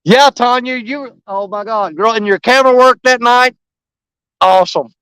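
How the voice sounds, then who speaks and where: A man with a drawl talks to his viewers in a high, excitable voice, folksy and full of enthusiasm. He sits outdoors by a river, and his voice is picked up close and dry. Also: normal speed, clean tone, no echo, low-quality recording. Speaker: fishing live streamer. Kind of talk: casual chat to viewers on a live stream.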